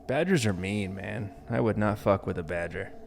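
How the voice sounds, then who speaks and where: A man's voice: lowish voice, moderate pace, vocal fry, soft background music. A man co-hosting a podcast, reading campfire stories aloud and joking around in a laid-back way with some swearing. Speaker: podcast co-host.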